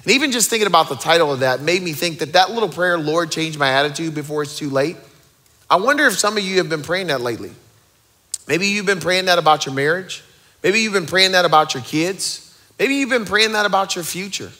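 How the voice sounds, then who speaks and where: Speaking fast in a high-sitting voice, a pastor in his thirties preaches with lots of energy. He fires up the congregation and drops in joking asides.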